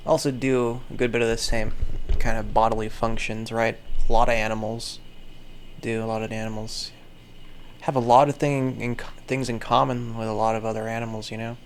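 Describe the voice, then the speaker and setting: A man's voice: mid-range voice, flat delivery, brisk, slight background noise. A man giving casual comedic commentary on animal pictures, swearing, rambling and laughing often.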